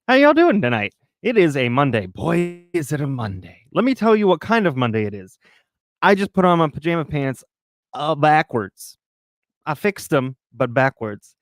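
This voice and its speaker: A man's voice: fairly high pitch, big pitch swings, normal speed, clear, resonant tone, no room sound, studio quality. A man hosting a live stream from his recliner at home, chatting casually and joking with his viewers. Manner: chatty, joking, rambling asides.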